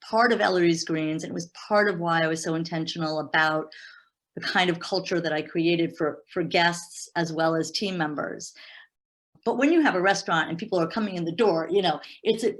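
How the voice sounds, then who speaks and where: A middle-aged woman talking as an interview guest and business coach, animated and emphatic, often repeating words as she restarts. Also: on the low side. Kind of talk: casual interview talk.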